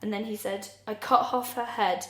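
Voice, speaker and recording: A woman's voice: medium pitch, fairly even intonation, moderate pace, a bit bright, echoey room. A woman co-hosting a comedy podcast, telling the story bluntly with swearing and laughter. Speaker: podcast co-host. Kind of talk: casual comedic chat.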